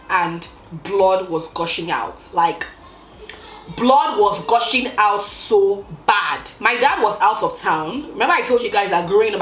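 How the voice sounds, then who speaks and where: Young woman vlogger, mid-range voice, animated storyteller who leans hard on key words; echoey room. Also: mid-range voice, slight background noise. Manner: expressive, dramatic storytelling, stretching key words. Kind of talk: casual storytime.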